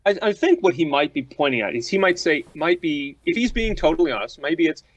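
A man co-hosting a casual political chat podcast, making his points in a measured, deliberate way. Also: a little high, animated, no echo, muffled recording. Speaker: podcast co-host.

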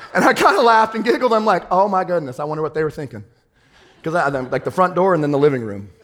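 A man preaching a sermon, swinging from loud triumphant shouts to hushed, laughing storytelling. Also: fairly high pitch, in a large hall. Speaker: pastor.

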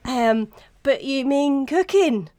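A woman's voice: sits high, lively intonation, mellow, dry recording. A middle-aged woman hosting a podcast, chatting in a playful, jokey way. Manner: playful, jokey, quick to laugh. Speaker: podcast host. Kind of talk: casual chat.

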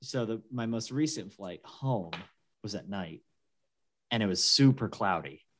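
A man's voice: on the low side, measured pace. A man co-hosting a casual podcast, chatty and joking as he tells stories. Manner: chatty, joking, animated storyteller. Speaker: podcast co-host. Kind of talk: casual chat.

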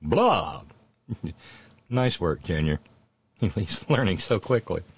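Middle-aged male host with a lowish voice, dry recording; deadpan history jokes with punny asides. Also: slightly rough, no echo. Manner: punning asides and sarcastic jabs; slows down for punchlines. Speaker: host of a daily history segment. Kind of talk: satirical on-this-day commentary.

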